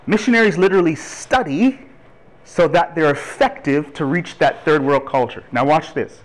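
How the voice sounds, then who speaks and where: Lively man from Toronto preaching. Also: on the high side, normal speed, rough recording. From Toronto, Canada. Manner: lively, chatty, laughs with the audience. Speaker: guest speaker on urban ministry. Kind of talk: church talk to a congregation.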